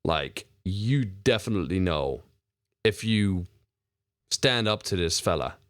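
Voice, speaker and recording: A man's voice: low-pitched, lively intonation, takes it slowly, no room sound, clean studio sound. A man narrating as game master in a tabletop game podcast, in a loose, rambling way.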